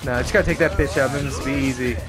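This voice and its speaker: A man's voice: mid-range voice, steady tone, rapid-fire. A young man giving profane, jokey let's-play commentary while he plays. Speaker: gaming channel host. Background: game music.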